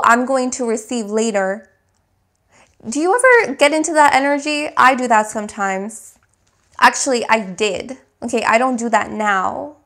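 A woman giving a spiritual tarot reading, speaking in slow, emphatic affirmations and at times searching for words. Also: fairly high pitch, a bit bright. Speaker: tarot reader.

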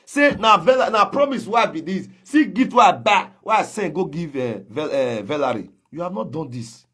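A man's voice: high-pitched, lively intonation, moderate pace, a bit bright, slightly rough. A man with a Nigerian Pidgin English accent, confronting someone in a heated gossip commentary. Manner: confrontational, calls out and challenges directly. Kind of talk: ranting social media commentary.

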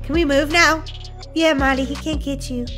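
A woman hosting a playful gameplay commentary, giggly and excitable, shrieking when startled. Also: high-pitched, normal speed, over loud music. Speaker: gaming channel host.

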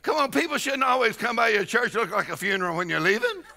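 A man's voice: extremely high pitch, very animated, quick pace, vocal fry. A middle-aged man preaching a charismatic sermon, exhorting and repeating lines as he builds up. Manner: shouting, exhorting, repetitive call-and-response.

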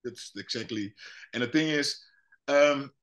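A man's voice: mid-range voice, unhurried. A man, a guest former fighter, telling a story in casual chat with many restarts and acted-out quotes. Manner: animated, acts out other people's lines.

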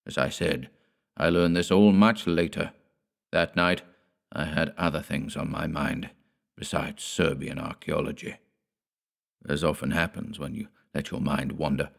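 A man narrating a gothic horror tale in a measured, deliberate storytelling manner. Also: a bass voice, creaky, a bit bright. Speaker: audiobook narrator.

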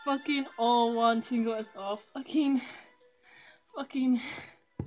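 A woman gives casual commentary on her mobile game pulls, pleading and swearing with frequent laughs. Her voice sits fairly high and she talks slowly, dragging out her words. Faint music plays behind her. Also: steady tone, darkish tone. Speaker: gaming streamer.

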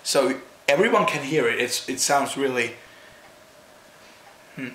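Hoarse fan fumbling for words. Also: male voice, medium pitch, expressive, measured pace. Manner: hesitant, gropes for words. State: hoarse after the concert. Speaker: concert-goer being interviewed. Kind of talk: casual post-concert interview. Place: outdoors at a festival at night. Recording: echoey with loud background noise.

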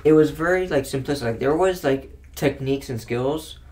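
Profane animated male podcast co-host. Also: medium pitch, normal speed. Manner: profane, animated, acts out mocking quotes. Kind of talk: casual chat.

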